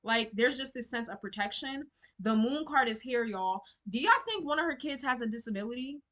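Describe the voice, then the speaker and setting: Blunt, bright-voiced woman tarot reader. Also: on the high side, animated, brisk. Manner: blunt, outspoken and talkative. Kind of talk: casual tarot reading to camera.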